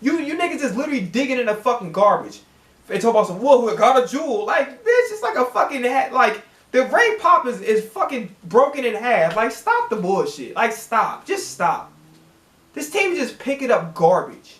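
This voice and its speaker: Fired-up cursing man, high voice. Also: sing-song, normal speed, a bit bright, echoey room. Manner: heated, cursing, repeating words when fired up. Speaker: sports reaction channel host. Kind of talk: profane fan rant.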